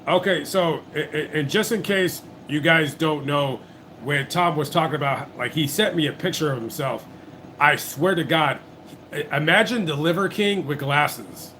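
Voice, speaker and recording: A man's voice: a little high, normal speed, bright, forceful tone, a little hiss or hum. A man hosting a casual livestream, blunt and joking, stammering as he asks questions. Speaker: livestream host.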